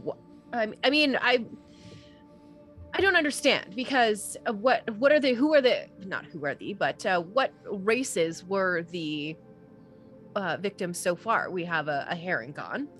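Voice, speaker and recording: A woman's voice: medium pitch, animated, unhurried, a bit bright, soft background music. A woman taking part in a tabletop role-play game, thinking aloud with hesitant questions. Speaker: player.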